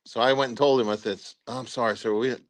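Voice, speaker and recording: A man's voice: medium pitch, steady tone, fast talker, creaky. An older man, a retired army officer, telling rambling anecdotes in a casual interview, full of "uh" fillers and acted-out quotes. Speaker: retired brigadier general telling war stories.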